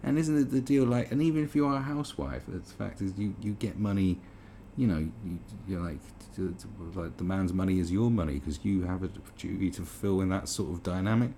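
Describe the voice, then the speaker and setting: British guy ranting in disbelief, lots of swearing, low gravelly voice, slight hiss under it. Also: brisk, few pauses, warm tone. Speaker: commentary host. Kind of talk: reaction commentary.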